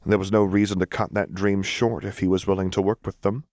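Brief: male audiobook reader, deep and dry, steady storytelling. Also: fairly quick, no room sound. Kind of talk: scripted narration.

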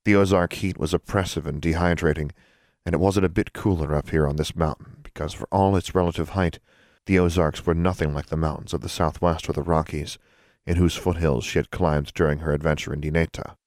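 A man narrating an audiobook in a steady, even storytelling voice. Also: a bass voice, a little fast, no room sound, studio quality.

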